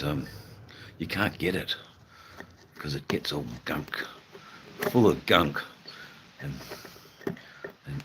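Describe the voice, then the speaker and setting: Laid-back deep-voiced Australian man. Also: noisy background. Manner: laid-back, rambling, drawn-out fillers, swears casually. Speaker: livestream host chatting with viewers. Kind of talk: casual live chat.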